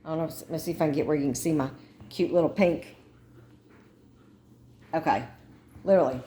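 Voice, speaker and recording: Low-voiced woman venting frankly. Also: a little fast, dark tone, a little hiss or hum. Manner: frank, venting, talks straight to viewers. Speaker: vlogger. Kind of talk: casual chat to camera.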